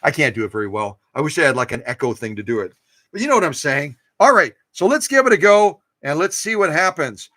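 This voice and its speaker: A man's voice: fairly high pitch, sing-song, fast, a bit bright, no echo. A man hosting a casual sewing machine demonstration in a workshop, playful and jokey, cheering on his machine and camera. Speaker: host restoring and demonstrating vintage sewing machines. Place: home workshop.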